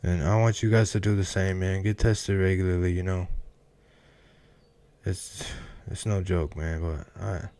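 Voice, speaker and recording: A man hosting a reaction video, talking casually in a halting, emotional way and filling his talk with "man". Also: low-pitched, flat delivery, warm tone, dry recording.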